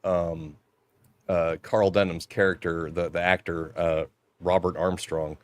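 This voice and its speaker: A man with a low voice talks through his thoughts in a casual film discussion. He rambles in an easygoing way, and the recording sounds close and dry. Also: flat delivery, unhurried, no echo. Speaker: podcast panelist.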